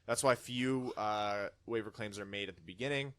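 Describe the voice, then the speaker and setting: A man's voice: fairly low pitch, moderate pace, fairly bright tone. A man hosting a casual podcast, reading listener comments aloud in a chatty way. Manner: chatty, reads comments with put-on dramatic voices. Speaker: podcast host.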